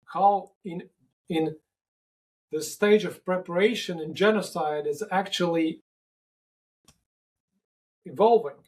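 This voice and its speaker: A man answering interview questions in a halting way, often repeating and restarting words. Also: on the high side, a little mellow, low-quality recording. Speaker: podcast guest.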